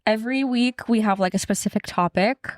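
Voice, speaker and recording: A woman's voice: on the high side, a little fast. A young adult woman co-hosting a podcast in casual chat, rambling with fillers and laughing often. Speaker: podcast co-host.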